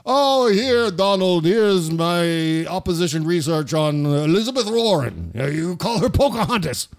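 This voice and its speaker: A man voicing a scheming Russian leader in a deliberately bad, exaggerated Russian accent, hammy and sing-song. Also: high-pitched, lively intonation, pitched above the performer's own voice. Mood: mocking.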